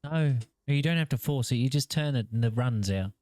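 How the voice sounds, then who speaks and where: A man's voice: medium pitch, normal speed, darkish tone, no echo, clean studio sound. A man streaming a video game as host, chatting casually and talking straight to his viewers. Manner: laid-back, chatty, addresses viewers directly. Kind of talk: casual gaming commentary to chat.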